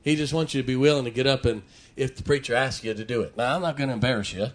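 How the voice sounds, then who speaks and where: A middle-aged preacher delivers a sermon in a church, telling homespun stories in a folksy drawl. His voice sits at an ordinary male pitch. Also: rapid-fire. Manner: folksy storytelling preacher, mimics stuttering. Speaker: pastor.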